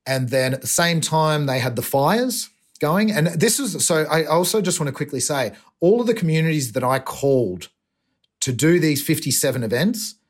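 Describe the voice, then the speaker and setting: A man's voice: on the high side, animated, moderate pace. A man, a guest from Australia, telling a heartfelt story earnestly, with many restarts and a voice that gets emotional.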